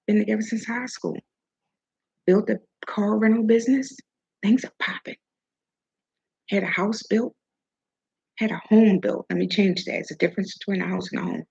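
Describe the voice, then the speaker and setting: A woman with a gravelly, husky voice gives chatty, preachy advice about self-worth, tossing in the odd swear word. She sometimes talks around food in her mouth, and the recording sounds a bit dull and lo-fi. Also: medium pitch. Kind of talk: casual motivational talk.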